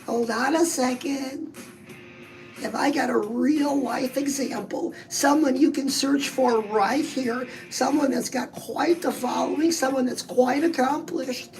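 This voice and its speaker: A woman's voice: high-pitched, unhurried, darkish tone, soft background music, rough recording. A woman coaching on fitness and weight loss in a bubbly, chatty, motivational way, talking straight to her listeners. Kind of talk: upbeat motivational vlog.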